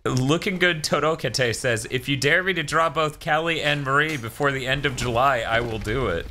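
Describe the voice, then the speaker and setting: A man reads viewer messages aloud on a casual gaming stream and tosses in quick jokes between them. His voice is bright and a little sharp, with a faint hiss under it. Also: medium pitch. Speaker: stream co-host reading chat.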